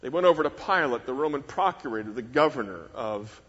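Husky preacher in an echoing hall. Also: male voice, lively intonation, a bit bright. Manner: measured, emphatic, with wide swings in pitch and volume. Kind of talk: sermon. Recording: dull lo-fi recording with long hall reverb.

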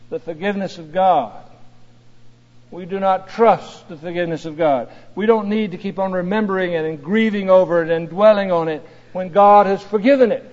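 Male preacher, high voice, emphatic swells on scripture, lo-fi recording. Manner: rising to emphatic peaks on scripture, dropping low and soft for asides. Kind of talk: sermon. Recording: dull lo-fi recording in a reverberant hall.

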